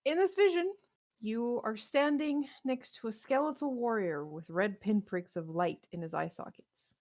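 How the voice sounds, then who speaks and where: A woman running a tabletop game as game master, describing scenes in a measured way. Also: medium pitch, a little mellow, dry recording.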